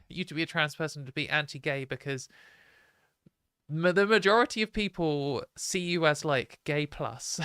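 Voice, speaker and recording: A British woman hosting a live stream, talking bluntly and opinionatedly in a casual ranting way, her voice a little hoarse. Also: sits low, fairly bright tone, no echo, studio quality. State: hoarse from a fading voice.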